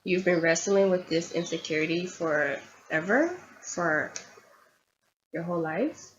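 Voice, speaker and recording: A woman's voice: lowish voice, expressive, measured pace. A woman giving a tarot reading in an earnest, confiding way, often repeating herself as she goes. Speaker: tarot reader. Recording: dull lo-fi audio with faint background hiss.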